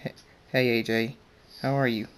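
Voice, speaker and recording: A man's voice: medium pitch, level tone, normal speed, clean tone, close to an everyday voice. A friendly young pegasus stallion talks casually, stumbling over his words, as a man reads his lines in an amateur story. The voice stays close to the reader's own. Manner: casual, hesitant, stammering.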